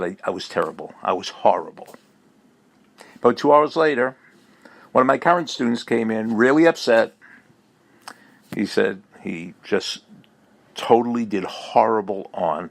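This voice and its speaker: A man's voice: fairly low pitch, measured pace, vocal fry, pauses often. A man giving a recorded motivational message as a speaker and teacher, emphatic and repetitive like a coach.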